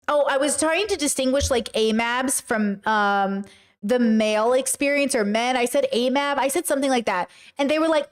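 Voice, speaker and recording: High-pitched woman host; chatty commentary, lively, throws in mocking impressions. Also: moderate pace. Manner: animated, often puts on mocking voices. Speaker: podcast host reacting to a video. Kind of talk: casual commentary with live chat.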